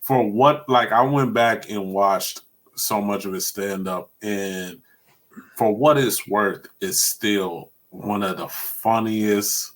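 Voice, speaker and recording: A man with a low voice hosting a relaxed podcast conversation. He rambles loosely with plenty of fillers and restarts, and keeps slipping into retold jokes. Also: slow. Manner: rambling, retells comedy bits in put-on voices. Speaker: podcast host. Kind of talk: casual chat.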